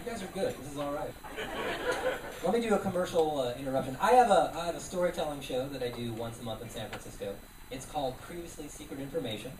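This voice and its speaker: A man's voice: fairly high pitch, fast talker, noisy background. A man doing a live stand-up set, riffing with the audience. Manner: animated, riffing with the crowd. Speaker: stand-up comedian. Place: comedy club stage. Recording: roomy live club, distant mic, loud crowd. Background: audience laughter.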